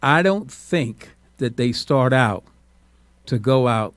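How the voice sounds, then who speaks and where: A man's voice: medium pitch, expressive, takes it slowly, dry recording. A man from the United States hosting a call-in radio talk show, speaking in an earnest, encouraging way.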